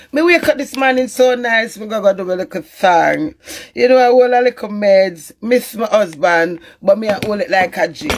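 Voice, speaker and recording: A Jamaican woman in an emotional live-stream rant, pleading and emphatic and swearing often. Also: medium pitch. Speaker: social media personality.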